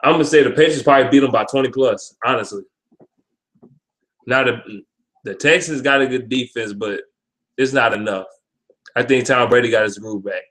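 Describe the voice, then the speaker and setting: A man of medium pitch gives his picks in a loose, off-the-cuff way. He talks bluntly, swears freely and trips over his words, restarting phrases and repeating himself as he makes his point. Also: normal speed, pauses often, a bit bright, poor audio. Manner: blunt, profane trash talk with frequent repeats and restarts. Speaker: vlog host giving sports picks. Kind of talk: casual sports prediction talk.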